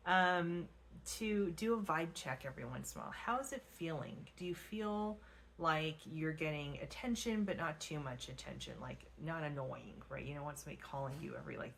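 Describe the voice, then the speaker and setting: A woman's voice: low-pitched, a little hiss or hum. A middle-aged woman, a financial advisor, talking casually to camera in a chatty way with frequent fillers and restarts.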